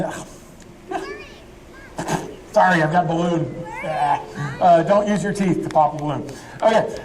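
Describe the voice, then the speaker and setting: A man's voice: high-pitched, a little mellow. A man giving a live chemistry demonstration, explaining in a chatty way with lots of fillers. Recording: distant mic, faint background noise.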